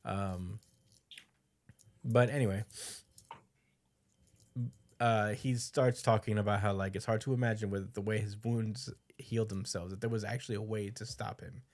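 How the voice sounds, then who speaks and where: A man co-hosting a podcast, casually recapping a chapter with lots of fillers and quick put-on quotes. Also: on the low side, fairly even intonation, darkish tone. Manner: loose storytelling with fillers, voices quotes. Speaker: podcast co-host.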